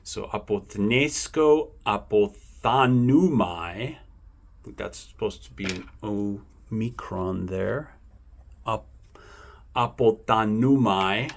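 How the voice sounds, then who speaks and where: Man, lowish voice, slow and unhurried, self-correcting study walkthrough, faint hiss behind. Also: animated, creaky. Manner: musing, self-correcting, thinks aloud. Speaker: language learner going over vocabulary.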